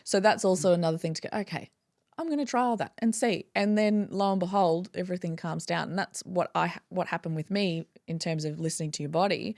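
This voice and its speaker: A woman chiropractor talking in a casual interview, animated and acting out her own inner dialogue. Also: fairly low pitch, brisk, creaky, no echo, clean studio sound. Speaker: guest, chiropractor.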